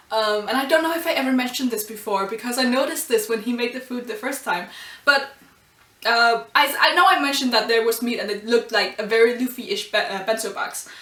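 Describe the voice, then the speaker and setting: A woman's voice: on the high side, fairly bright tone. A woman reviewing a comic chapter in a casual video, gushing and emotional, with many ums and laughs. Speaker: anime and manga reviewer. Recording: roomy and distant from the mic.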